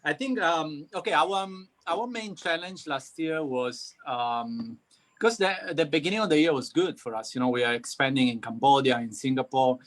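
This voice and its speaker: A man's voice: on the high side, normal speed. A man with an Italian accent, a company founder speaking as a guest in a casual live interview, hesitant and full of fillers and restarts.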